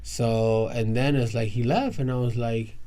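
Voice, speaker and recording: New guy on a podcast panel, chatty storyteller, mid pitched, rambles and restarts a lot. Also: steady tone, measured pace, dark tone. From New York, USA. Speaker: podcast guest. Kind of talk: casual round-table storytelling. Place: round-table podcast recording with other guests.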